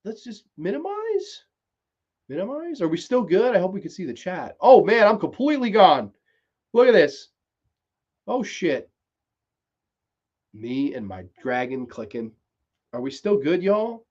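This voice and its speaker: Guy streaming a tv review, kinda high voice, cusses a lot, gets worked up, dull lo-fi audio. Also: a little slow, long pauses. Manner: swears freely, excitable, animated retelling. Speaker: podcast host reviewing a TV series. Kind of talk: casual live-stream review chat.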